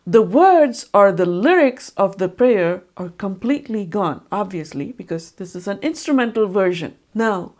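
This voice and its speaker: A woman's voice: mid-range voice, expressive, normal speed, few pauses, darkish tone. A woman narrating an educational video on music and breaking down how melodies are recognized. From India. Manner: explanatory, sings short sung examples. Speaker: music explainer.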